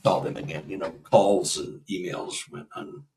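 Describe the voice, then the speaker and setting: A man in his sixties, a guest researcher and author, telling a personal story in a casual conversation, animated and laughing as he acts out what people said. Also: deep voice, normal speed, gravelly, reverberant, recorded from a distance, poor audio. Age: 60s.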